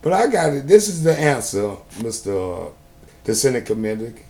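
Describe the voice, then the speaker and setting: A man talking to the camera in a homemade video, preachy and sarcastic, often rising to loud outbursts. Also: mid-range voice, big pitch swings, moderate pace, a little hiss or hum. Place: indoors at home.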